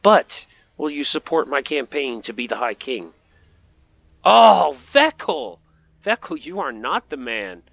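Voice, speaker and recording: Brief: male gaming host, playful and animated, crisp bright tone, slightly muffled recording. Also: medium pitch, normal speed, few pauses, no echo. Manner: playful, jokey, talks to game characters. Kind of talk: playthrough commentary.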